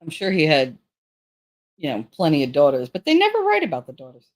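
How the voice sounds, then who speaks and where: A middle-aged woman hosts a livestream, chatting casually with her viewers and the live chat in a blunt, profane style and laughing often. Her voice sits low, swings hugely in pitch, and moves fairly quickly.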